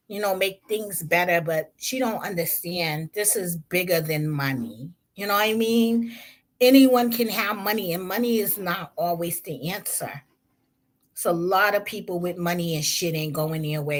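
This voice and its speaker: Woman vlog host, unhurried, blunt and slangy celebrity commentary. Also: lowish voice.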